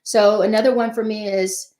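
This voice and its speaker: Brief: older woman guest, lively storyteller who acts out quotes, mid-pitched, recorded in an echoey room. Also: moderate pace. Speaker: parenting guest. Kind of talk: casual advice chat. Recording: roomy echo.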